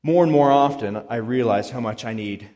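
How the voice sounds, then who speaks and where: A man preaching a sermon as pastor, telling stories in a relaxed, conversational way. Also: mid-range voice, normal speed. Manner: conversational storytelling. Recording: long hall reverb.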